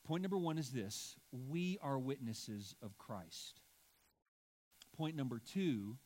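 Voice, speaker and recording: Male pastor, mid-pitched voice, preaching with deliberate stress on key phrases. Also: animated. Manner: emphatic, slows and stresses key words. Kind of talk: sermon.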